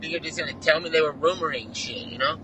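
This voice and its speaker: A California man, a fighter appearing as a guest over a remote video call, spins a heated, rambling story packed with slang and swearing in casual, profane interview talk. His voice sits a little high and he talks fast with a sharp tone. The low-quality recording carries slight background noise.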